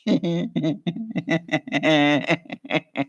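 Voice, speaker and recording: A woman's voice: deep voice, extremely slow, dull audio. Chatty laughing woman vlogger. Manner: chatty, laughs often, acts out little voices. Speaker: vlogger reading live chat. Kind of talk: casual live-stream chat.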